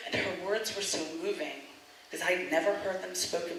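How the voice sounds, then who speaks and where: A woman's voice: on the low side, normal speed, far from the mic, a crowd in the background. A woman performing a spoken word piece, speaking with impassioned, defiant emphasis. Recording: very echoey room.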